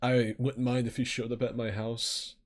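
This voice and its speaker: A man's voice: mid-range voice, flat delivery, moderate pace. A man hosting a podcast in casual chat, swearing and self-mocking, often laughing. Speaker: podcast host.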